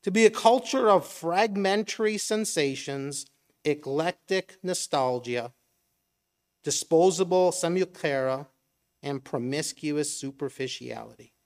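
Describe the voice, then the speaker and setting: A man's voice: on the high side, unhurried. A middle-aged man giving a conversational sermon, asking rhetorical questions and briefly acting out imagined voices. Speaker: preacher.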